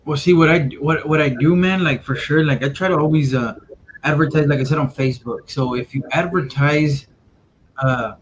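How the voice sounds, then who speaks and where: Laid-back man on a dull lo-fi line. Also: normal speed. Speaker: car salesman, guest. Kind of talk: casual interview talk. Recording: dull lo-fi sound with faint rumble.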